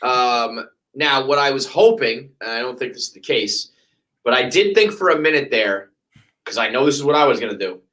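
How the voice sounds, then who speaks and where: A man hosting a casual sports podcast, ranting with heavy profanity and lively quoted asides. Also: mid-range voice, moderate pace, rough recording. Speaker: podcast host.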